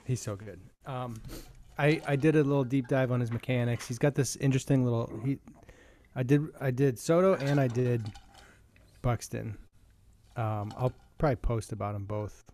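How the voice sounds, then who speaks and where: Mellow-voiced man hosting a podcast. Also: mid-range voice, moderate pace, slight background noise. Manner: relaxed, enthusiastic, introduces topics. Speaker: podcast host. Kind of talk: casual podcast chat.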